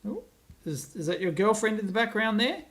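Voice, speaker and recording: An Australian man hosting a casual livestream. He reads viewer comments aloud, laughs often and rambles as he thinks out loud. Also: high voice, sing-song, a little fast. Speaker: livestream host. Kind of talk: casual live-stream chat, reading viewer comments aloud. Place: at home on a laptop, away from his office.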